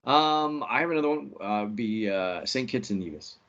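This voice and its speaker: A man's voice: medium pitch, lively intonation, moderate pace, fairly bright tone, dull audio. A man co-hosting a casual chat show, telling travel stories in a laid-back way with lots of ums. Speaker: podcast co-host.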